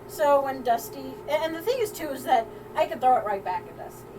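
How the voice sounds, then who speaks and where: A woman's voice: high-pitched, expressive, fairly quick, background noise. A woman hosting a live crafting stream, telling a family story in a casual, rambling way with frequent laughs and restarts.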